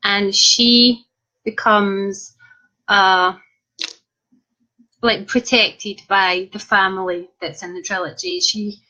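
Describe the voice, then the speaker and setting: A woman's voice: medium pitch, flat delivery, slow, pauses often, sharp tone. A young woman author chatting in a cheeky, self-mocking way as she reads out viewer comments on a live video. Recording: dull lo-fi live stream audio.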